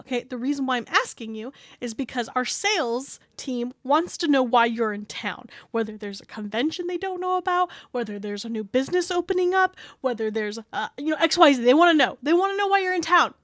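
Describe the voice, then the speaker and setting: Woman streamer, high voice, rambling casual chat full of fillers and swearing, dry close mic. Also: lively intonation, fairly quick, few pauses, no room sound.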